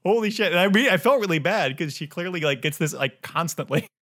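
A man from Ohio co-hosting a podcast, telling stories in a lively, animated way and laughing often. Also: fairly high pitch, fairly quick. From Dayton, Ohio, USA. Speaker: podcast co-host. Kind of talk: casual chat.

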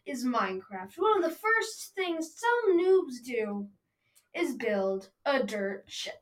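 A woman's voice: high voice, sing-song, slow pace. A young podcast host chatting eagerly and teasing her co-host. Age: child. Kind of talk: casual chat.

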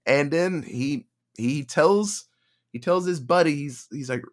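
A man's voice: a little high, slow pace. A man casually retelling a movie plot on a podcast, acting out bits of dialogue and laughing as he goes. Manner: animated retelling with acted-out quotes and laughter. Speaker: podcast co-host. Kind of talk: casual movie review chat.

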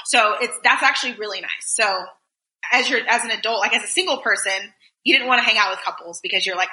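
A woman's voice: medium pitch, fast, bright, forceful tone. A tired woman co-hosting a casual chat over a call, talking loosely with lots of fillers. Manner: chatty, lots of "like" and "you know". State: tired, yawning. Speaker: podcast co-host. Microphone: video call. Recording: roomy echo.

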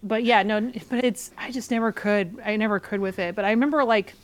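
A woman from Portland, Oregon, talking as a podcast guest and telling a story in an animated, exasperated way. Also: mid-range voice, a little fast. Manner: animated, exasperated, acts out quotes. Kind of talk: casual storytelling.

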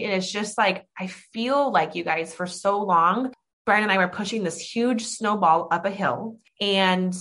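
A woman's voice: mid-range voice, fairly bright tone. A woman in her thirties hosting her own podcast, talking in a bubbly, gushing way with lots of fillers and playful asides. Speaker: podcast host. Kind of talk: upbeat podcast monologue.

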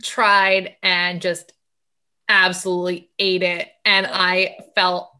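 Co-host, a woman in her thirties with a bright, sharp voice, casual and chatty. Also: fairly low pitch, level tone, slow, clear, resonant tone. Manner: warm reactive listener, fills in with short asides. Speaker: podcast co-host. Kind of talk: casual chat.

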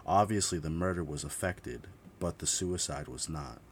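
A man's voice: deep voice, moderate pace, gravelly, a little hiss or hum. A man narrating a true-crime story who reads steadily, corrects his own slips, and breaks into blunt, profane asides.

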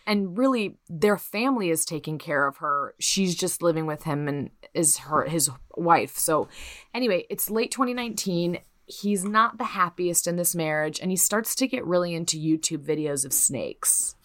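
A woman co-hosting a podcast, telling a true crime story in casual, profane chat and putting on quick voices for the people in it. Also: fairly low pitch, lively intonation, no echo.

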